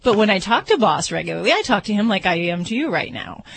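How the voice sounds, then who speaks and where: A woman's voice: mid-range voice, very animated, fast, gravelly. An upbeat woman vet chatting on a radio show, eager and explanatory in tone. A faint hiss of noise sits under her voice. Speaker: veterinarian guest expert. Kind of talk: casual radio chat.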